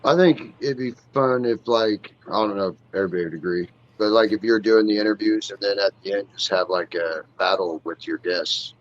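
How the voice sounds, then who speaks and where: A man chatting as a guest on a live stream, laid-back and full of fillers while he pitches ideas. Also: fairly quick, few pauses, no room sound. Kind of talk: casual group chat on a live stream. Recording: dull lo-fi stream audio.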